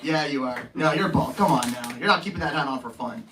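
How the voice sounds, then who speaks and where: A man's voice: medium pitch, fast, background noise. A man in his thirties doing brash, teasing, profane crowd work as a stand-up comedian on a club stage. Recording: distant mic, loud laughing crowd.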